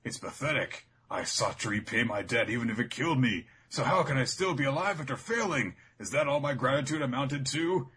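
A man voicing a proud male giant warrior, lamenting solemnly in a husky voice. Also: medium pitch, expressive, fairly quick, few pauses, bright, forceful tone, voice pushed up.

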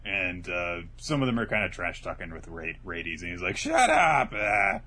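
A man's voice: sits low, normal speed, sharp tone, slight background noise. A man co-hosting a podcast, recapping a comic in a rambling, casual way, swearing often and acting out the characters' quotes. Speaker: podcast co-host.

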